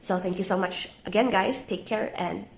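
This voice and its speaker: A woman's voice: medium pitch, creaky. Stuffy-voiced young woman with a cold. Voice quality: soft, relaxed voice-over with many "uh" pauses. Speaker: journaling YouTuber. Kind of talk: casual voice-over flip-through.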